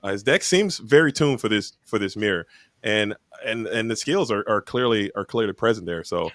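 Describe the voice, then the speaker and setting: A man's voice: on the low side, lively intonation, moderate pace, fairly bright tone, dry recording. Man casting a card tournament, dry sound. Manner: joking, riffing, talking up plays. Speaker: tournament caster. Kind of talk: live game commentary.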